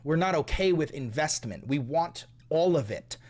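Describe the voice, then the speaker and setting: A man's voice: fairly high pitch, animated, moderate pace, darkish tone. Heated, profane male political commentator.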